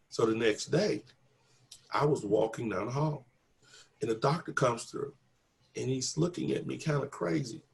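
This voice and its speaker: Speaking in a creaky, medium-pitched voice, an interviewed man tells his story conversationally. He dramatizes the dialogue, repeating "I said" and "he said," with the earnest conviction of a faith testimony.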